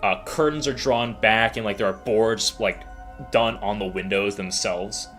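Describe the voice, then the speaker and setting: A man narrates a tabletop game in a loose, casual way as game master. He rambles and leans heavily on filler words. His voice has a bright edge. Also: lowish voice, measured pace, soft background music. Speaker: dungeon master.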